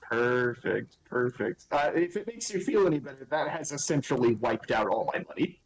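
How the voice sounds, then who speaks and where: A man's voice: medium pitch, lively intonation, normal speed, poor audio. A man playing his character at a tabletop game in casual talk, hesitant and full of fillers. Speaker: player.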